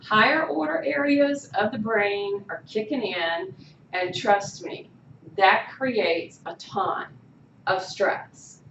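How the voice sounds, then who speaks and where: A female college instructor speaks slowly in a gravelly, mid-range voice, yet stays animated as she lectures, questions the class and keeps checking in with "okay?". Her voice is muffled and distant in an echoey room, over slight background noise.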